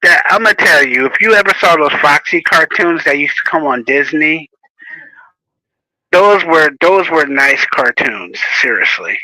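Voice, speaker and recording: Guy hosting a casual chat, animated storyteller, laughs a lot, very bright voice. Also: fairly high pitch, measured pace, no echo, low-quality recording.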